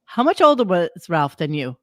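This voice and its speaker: Lively, probing podcast host. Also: medium pitch, moderate pace, no echo. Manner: probing, pointed questions. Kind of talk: casual interview chat.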